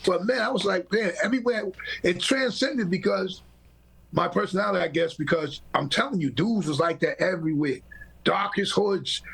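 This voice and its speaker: A man with a raspy, gravelly voice pitched a little high tells stories on a podcast. He rambles loosely and talks in casual slang, with a husky edge to every line. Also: normal speed, fairly bright tone. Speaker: podcast host. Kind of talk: casual storytelling chat.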